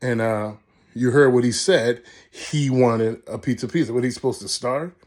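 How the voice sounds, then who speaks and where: A man's voice: mid-range voice, moderate pace, a little mellow, lightly acted. A man doing a scornful, dismissive mother. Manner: offhand, scornful retorts. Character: dismissive mother, mid-aged woman, sharp-tongued.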